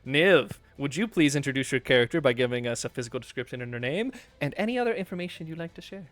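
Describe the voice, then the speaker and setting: A young man narrating as game master, animated and laughing as he describes the scene. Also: mid-range voice, no room sound. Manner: animated and laughing, quick to react.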